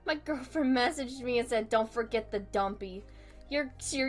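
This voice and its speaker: A young woman talks loosely while she doodles, drifting between thoughts with frequent giggles and casual swearing. Her voice sits a little high, with soft music playing faintly under her. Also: normal speed. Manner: giggly, rambling, swears often. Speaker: art streamer. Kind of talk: casual chat while drawing.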